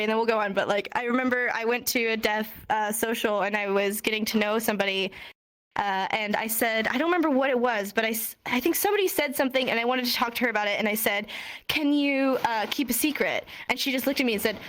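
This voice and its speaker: A woman's voice: a little high, fast, fairly bright tone. A young woman casually teaching a sign language class online, chatty with many fillers and frequent laughs.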